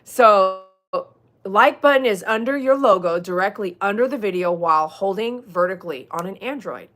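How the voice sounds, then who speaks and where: A woman's voice: mid-range voice, animated, moderate pace, fairly bright tone. A middle-aged woman with a Texan accent, a dog groomer chatting casually with viewers on a livestream, joking and reading out the chat. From Texas. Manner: chatty, reads out chat, jokes and laughs.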